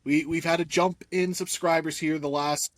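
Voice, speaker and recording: A man co-hosting a sports podcast in casual chat, listing rankings in an easygoing, quick-running way. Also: on the high side, flat delivery, no echo. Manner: easygoing, lists rankings rapidly. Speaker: podcast co-host.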